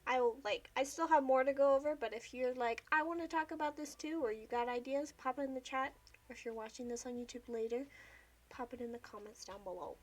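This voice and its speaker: A woman's voice: on the high side, a little fast, darkish tone. Chatty young woman streaming while drawing. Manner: chatty, filler-heavy with frequent "like". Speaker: livestreamer. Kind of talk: casual chat while journaling.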